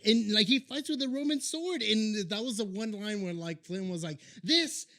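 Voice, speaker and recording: A man co-hosting a podcast, drunk, rambling excitedly and stammering through stories in casual chat. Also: high-pitched, normal speed. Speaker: podcast co-host.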